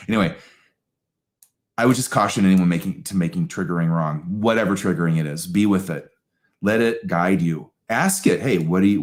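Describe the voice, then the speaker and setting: Animated man teaching astrology. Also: sits low. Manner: animated, emphatic, quick asides, laughs easily. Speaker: astrologer hosting a live session. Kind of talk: live teaching talk with audience questions.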